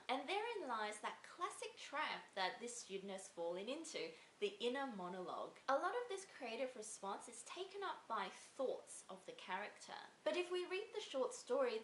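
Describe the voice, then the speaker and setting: Woman tutor, lively and roomy. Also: on the high side. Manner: measured, explanatory critique. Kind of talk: spoken essay feedback. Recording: roomy echo with faint hiss.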